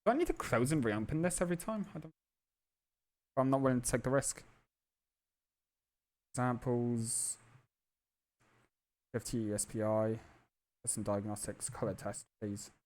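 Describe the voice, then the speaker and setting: A man's voice: medium pitch, normal speed, long pauses, a little mellow. A man livestreaming while he tinkers with electronics, talking to himself in a profane, muttering way.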